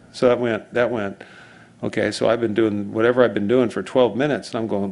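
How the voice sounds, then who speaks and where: A male pastor giving a relaxed, conversational sermon. He tells it like a story, wandering into asides and restarting sentences as he goes. His voice sits at an ordinary middle pitch for a man. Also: moderate pace.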